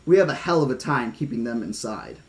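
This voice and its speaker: A man's voice: medium pitch, sing-song, fast, creaky, voice pushed down. A man doing a dismissive male park guide. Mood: reassuring. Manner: soothing, matter-of-fact.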